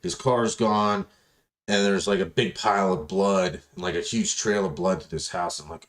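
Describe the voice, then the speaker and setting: A man with a deep voice and moderate pace hosts a podcast, chatting casually through rambling, profane tales. He animatedly acts out the people in them, quoting them in their own voices.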